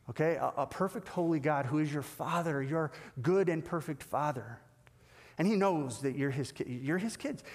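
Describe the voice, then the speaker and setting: Pastor in a reverberant hall. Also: male voice, fairly high pitch. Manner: animated, acts out quoted dialogue. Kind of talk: sermon.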